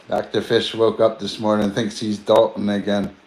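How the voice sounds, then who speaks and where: Low-voiced man in slangy rambling chat. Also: monotone, moderate pace, darkish tone, a little hiss or hum. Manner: slangy, swears freely, drifts between topics. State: tired. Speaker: livestream host.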